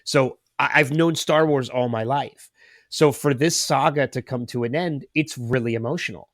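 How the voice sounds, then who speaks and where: A man's voice: medium pitch, normal speed, dry recording, studio quality. Rambling man in his late thirties. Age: 30s. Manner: rambling storyteller, emotional. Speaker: podcast host. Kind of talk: casual chat.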